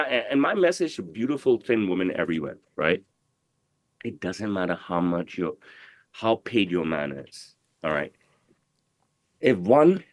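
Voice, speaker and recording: A man's voice: fairly low pitch, no echo. A middle-aged man, a tailor, giving a brash, profane and emphatic interview, full of "bro" and "you know what I mean". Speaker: guest, tailor. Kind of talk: casual interview talk.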